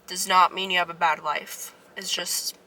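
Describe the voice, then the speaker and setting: Talking into her phone camera in a car, a vlogger in her twenties rambles on with many "like" fillers, emotional and on the verge of crying. Her fairly low voice is steady, bright and forceful at a normal speed. The audio is poor, with a little hiss or hum.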